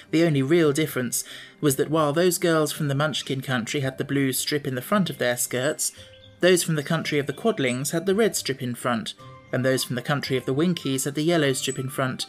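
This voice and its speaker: A man narrating a classic children's story in a measured, even storytelling manner. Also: fairly high pitch. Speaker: audiobook narrator.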